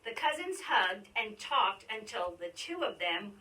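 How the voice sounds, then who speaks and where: A woman reading a rhyming picture book aloud in a sing-song, animated way, in a school library. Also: mid-range voice, a little slow. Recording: distant mic.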